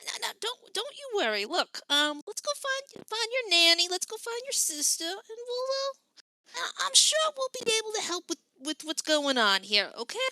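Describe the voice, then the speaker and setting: A woman's voice: very high voice, big pitch swings, moderate pace, bright, forceful tone, no echo, pitched above the performer's own voice, heavily acted. A woman voicing a kindly aunt who fusses and soothes a crying child. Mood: soothing. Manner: cooing, soothing, flustered. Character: fussing, kindly middle-aged aunt.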